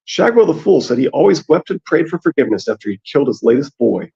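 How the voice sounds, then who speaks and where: A man with a gravelly, raspy voice who reads passages aloud and then chats about them. His pitch is average, and the sound is dull and lo-fi. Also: very animated, fast talker, mellow. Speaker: podcast host reading aloud. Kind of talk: casual book discussion and reading aloud.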